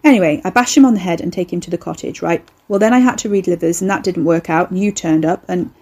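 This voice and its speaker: A woman's voice: fairly low pitch, fast, a little mellow, slightly rough. A woman voicing a cocky young man who is an eldritch horror in human form, talking in a casual, slangy, offhand way. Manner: casual, slangy, chatty, unbothered.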